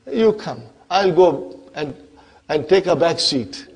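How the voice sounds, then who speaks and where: A man's voice: fairly high pitch, expressive, slow pace, darkish tone, husky, exaggerated voice. A man voicing a meek, harmless grammar particle that gives way mildly. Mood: yielding.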